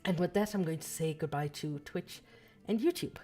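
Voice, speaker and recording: A woman with a low voice talks through a book on her livestream in a casual, reflective way. She pauses on fillers and corrects herself as she goes, and her throat sounds a little scratchy. Soft music plays faintly underneath. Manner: thoughtful, with fillers and self-corrections. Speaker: livestream host reading a book aloud.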